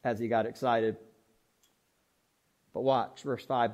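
A man preaching a sermon, dramatic and humorous, swinging from hushed asides to loud excited outbursts as he acts out Bible characters. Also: mid-range voice, takes it slowly, pauses often. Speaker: pastor.

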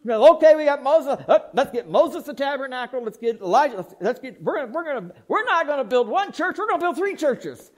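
A man playing a panicked, impetuous male disciple, shouting frantically. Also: extremely high pitch, expressive, fairly quick, hardly any pauses, voice pushed up. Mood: excited.

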